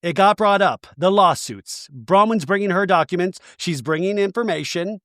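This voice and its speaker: A man's voice: sits high, normal speed, fairly bright tone, no room sound, clean studio sound, voice pushed up. A man voicing a blunt, gossipy woman reality star who dishes it out matter-of-factly. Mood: dishing.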